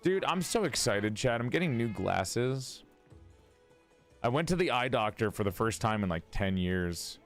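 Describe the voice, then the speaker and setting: A man streaming a video game in casual chat, excitable and gushing, sounding a little sleepy. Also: unhurried, faint music behind. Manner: excitable, gushing, swings into high squeals. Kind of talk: casual gaming livestream chat.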